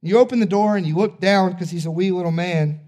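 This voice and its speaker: A male pastor preaching a sermon, retelling a story in an animated, conversational way. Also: high voice, fairly quick.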